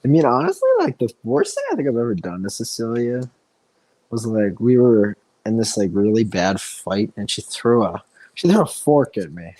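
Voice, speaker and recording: A man's voice: lowish voice, wildly swooping pitch, normal speed, mellow, no room sound, rough recording. A man co-hosting a casual podcast, rambling through anecdotes with many fillers and casual swearing. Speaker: podcast co-host. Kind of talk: casual chat.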